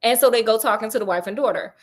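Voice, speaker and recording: A woman's voice: fairly high pitch, racing. Sassy woman retelling a story in slang. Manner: sassy, slangy, deadpan asides.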